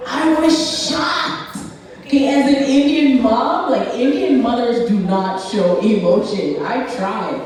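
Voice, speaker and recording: A woman's voice: fairly high pitch, a little slow, hardly any pauses, a crowd in the background. A woman in her thirties doing a stand-up comedy set, brash and self-mocking with punchy timing. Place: comedy stage. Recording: echoey hall, voice from far off.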